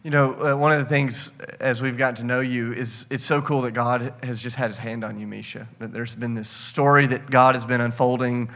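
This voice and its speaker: A man's voice: mid-range voice, fairly even intonation. Man asking questions in a reverberant hall. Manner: gentle, halting questions with fillers. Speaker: co-host interviewer.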